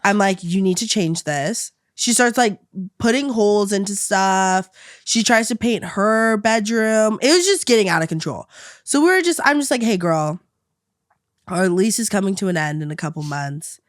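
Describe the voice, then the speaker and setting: A woman guest in a podcast studio, telling a story in casual chat, animated and acting out quoted lines with frequent "like.". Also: mid-range voice, normal speed, dry recording.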